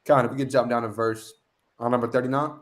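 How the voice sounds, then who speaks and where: A man's voice: mid-range voice, fairly even intonation, fast talker. Emphatic man teaching a scripture lesson. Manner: preachy, emphatic, repeats "man" and "come".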